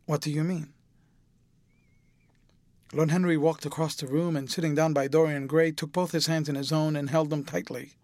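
A man's voice: on the high side, level tone, brisk, hardly any pauses, a little mellow, no echo. Man narrating a classic novel. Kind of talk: audiobook narration.

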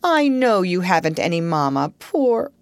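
A woman voicing a flustered, plump schoolmistress who pleads and scolds in a shrill voice. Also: sing-song, unhurried, a little mellow, no echo. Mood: pleading.

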